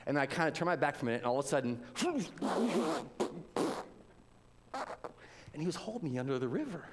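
A man preaching a sermon, telling personal stories in an animated way and swinging between loud and hushed delivery. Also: fairly high pitch, moderate pace, heavy background noise. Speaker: pastor.

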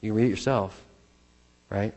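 Male pastor, husky timbre, conversational preacher with restarts and dynamic swings, recorded in a reverberant church hall. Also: on the low side, steady tone, normal speed, darkish tone. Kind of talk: sermon.

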